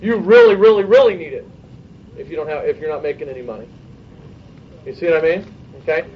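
A man with a high-pitched voice runs a sales training session for his team, coaching in a brisk way and asking rhetorical questions. He sits far from the mic, and the recording sounds dull and muffled. A faint room ambience hums behind him. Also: slight background noise.

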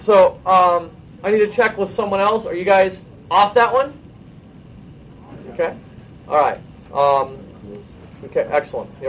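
A man with a high-pitched voice runs a sales training session for his team, coaching in a brisk way and asking rhetorical questions. He sits far from the mic, and the recording sounds dull and muffled. A faint room ambience hums behind him. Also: a little hiss or hum.

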